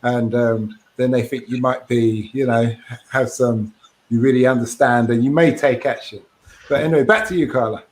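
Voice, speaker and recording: A man's voice: mid-range voice, steady tone, normal speed, low-quality recording. A man, co-hosting a podcast and giving an earnest, explanatory take with frequent restarts. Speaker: podcast co-host. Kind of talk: casual panel discussion.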